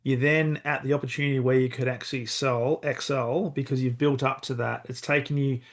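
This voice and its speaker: A man's voice: medium pitch, level tone, a little fast. A middle-aged man hosting a podcast, reflecting on a guest's story and summing up its lesson. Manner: reflective, thinks aloud with restarts. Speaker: podcast host. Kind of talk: podcast interview.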